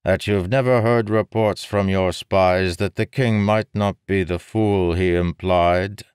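A man's voice: low-pitched, measured pace, no echo, studio quality, voice pushed up. A man voicing a sly, amused king. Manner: smooth, needling, calmly persuasive. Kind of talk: audiobook character voice.

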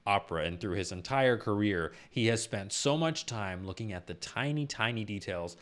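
A man with a low voice, a professional singer and vocal coach explaining singing technique step by step in a YouTube lesson. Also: expressive, moderate pace, a bit bright. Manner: patient step-by-step explaining with sung and spoken demonstrations.

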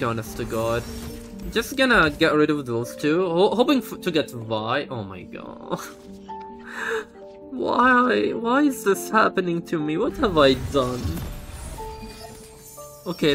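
A young man giving live commentary on his own game run, exasperated and swearing, with frequent outbursts. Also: a little high. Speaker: gamer streaming a speedrun.

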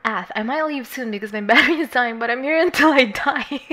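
Woman streamer, slightly high voice, giggly and scatterbrained, casual chat that slips into soft coaxing. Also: fairly quick. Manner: bubbly, giggly and scatterbrained, greets chat warmly.

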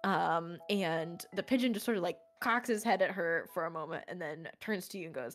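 A woman narrating a tabletop game as game master, casual and halting, with many fillers. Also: lowish voice, soft background music.

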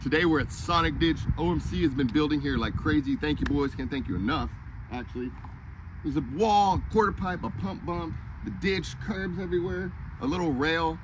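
A man's voice: fairly high pitch, moderate pace, background noise. A laid-back man vlogging about skateboarding in casual chat, filmed outdoors at a skate spot on a handheld camera. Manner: laid-back, says dude a lot.

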